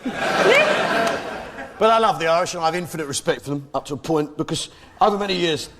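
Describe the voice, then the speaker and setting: A man's voice: a little high, animated, moderate pace. A man doing a stand-up routine, brash and boastful in a mock-patriotic way. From Britain. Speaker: stand-up comedian. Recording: loud background noise.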